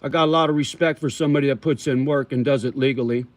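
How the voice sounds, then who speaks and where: A man's voice: mid-range voice, fairly even intonation, fast talker, dry recording. A man hosting a casual livestream, answering viewer comments in a profane, slangy way and calling people homie and brother while he chews tobacco. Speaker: livestream host.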